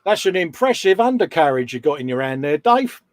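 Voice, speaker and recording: A man's voice: a little high, very animated, fairly quick, very noisy. A man co-hosting a live stream, casually chatting and reading out viewer messages with a jokey, laughing manner.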